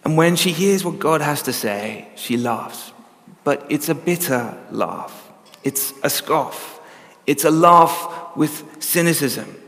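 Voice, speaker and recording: A man's voice: on the high side, lively intonation, slow pace, a bit bright, long reverb tail. A man preaching a sermon in an earnest, conversational teaching manner with frequent ums.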